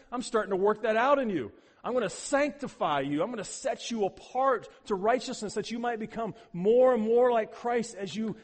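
High-voiced preacher with swelling intensity. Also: male voice, long reverb tail. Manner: builds to loud emphatic peaks, then drops low and quiet; repeats words when emphasizing. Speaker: pastor. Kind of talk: sermon.

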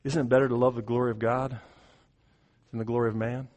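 A man preaching a sermon, his voice swinging from hushed asides to shouting, often repeating words as he restarts his phrases. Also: medium pitch, flat delivery, fast, highs cut off. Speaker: pastor.

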